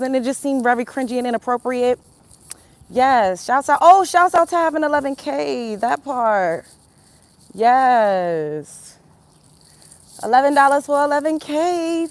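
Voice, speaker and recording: A woman hosting a casual livestream, chatting with viewers, greeting them by name and giving her opinions. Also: fairly high pitch. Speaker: host of a livestream talk show.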